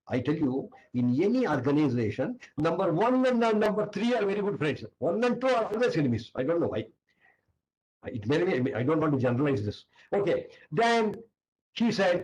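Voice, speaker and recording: A man with an Indian English accent delivers a storytelling lecture in a fairly high voice. He tells an anecdote and acts out each character's lines along the way. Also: big pitch swings, moderate pace, darkish tone, rough recording. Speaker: seminar speaker.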